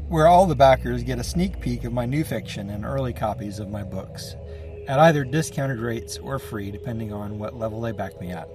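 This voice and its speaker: A man hosting a fiction podcast, giving a casual, wry intro and announcements. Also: mid-range voice. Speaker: podcast host.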